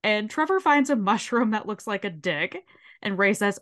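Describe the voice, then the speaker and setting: A woman with a sore throat, co-hosting a podcast and recapping a show in an animated, swearing retelling. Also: medium pitch, moderate pace. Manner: animated, swears freely, briefly mimics characters while retelling. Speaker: podcast co-host. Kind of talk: casual chat recapping a show.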